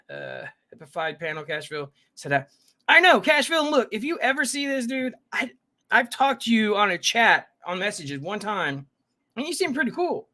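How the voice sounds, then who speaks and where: A live reaction host with a high-sitting, bright, forceful voice chats casually with viewers and greets them by name. He tends to ramble and interrupts himself frequently.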